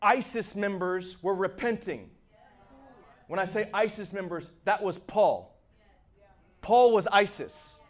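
A man preaching a sermon with passion, moving between shouts and hushed asides. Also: high-pitched, takes it slowly, pauses often.

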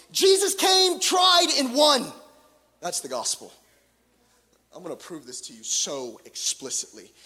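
Impassioned male preacher in a reverberant hall. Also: very high voice. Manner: impassioned, swings from loud pleading to hushed, jokey asides. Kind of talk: sermon.

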